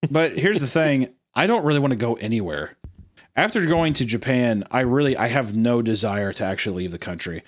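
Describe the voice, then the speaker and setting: Young male podcast co-host, crude jokey banter, animated delivery. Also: medium pitch, a little fast. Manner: profane, jokey, does silly voices.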